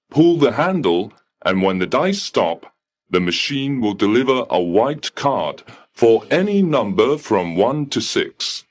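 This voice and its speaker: A polite, unbending receptionist at heaven's gate, played by a man, answers with calm, cool formality. His voice sits low and moves slowly, with lively rises and falls.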